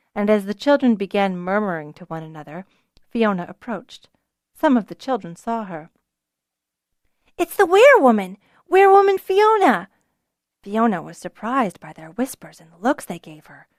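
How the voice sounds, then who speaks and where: A woman narrating a fantasy audiobook in even, clear storytelling. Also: mid-range voice, dry recording, studio quality. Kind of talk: scripted narration.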